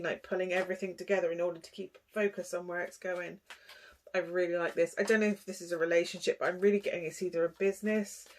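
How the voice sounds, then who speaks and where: A woman's voice: medium pitch, a little hiss or hum. A young woman hosting a casual tarot reading, chatty and giggly, rambling with lots of fillers. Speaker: tarot reader.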